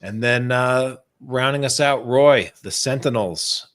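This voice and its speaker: A man's voice: medium pitch, slow. Man, drawl, livestream host, loose chatty talk, many ums. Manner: relaxed, filler-heavy, friendly wrap-up. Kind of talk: livestream chat.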